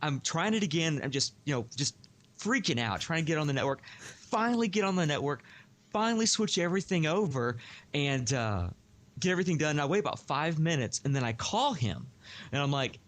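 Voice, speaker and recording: A man with a slightly high voice tells a long work story on a podcast. He talks casually and animatedly, slipping into other people's voices as he goes. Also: brisk. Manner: animated, acts out quoted voices.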